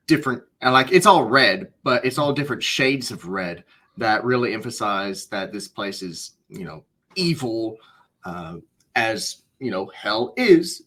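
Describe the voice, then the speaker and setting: A man's voice: medium pitch, fairly bright tone. A man co-hosting a comics podcast, talking casually with many ums and playful asides. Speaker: podcast co-host and voice actor. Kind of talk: casual comic book review chat.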